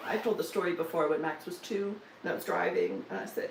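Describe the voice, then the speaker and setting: A woman's voice: lowish voice, quick pace, echoey room, far from the mic, a little hiss or hum, poor audio. A woman, chatting casually on a live stream about her stitching projects, with joking asides and self-deprecating humor. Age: 60s. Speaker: stitching vlogger.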